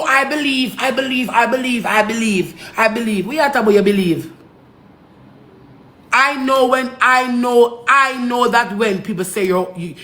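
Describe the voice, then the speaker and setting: A woman with a Jamaican accent on a heated livestream rant, pleading and scolding in patois and repeating herself. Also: mid-range voice. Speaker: social media live streamer.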